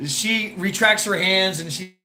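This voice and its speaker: A man's voice: high-pitched, unhurried. A man hosting a live stream, telling a story in a rambling way with swearing, laughs and many restarts.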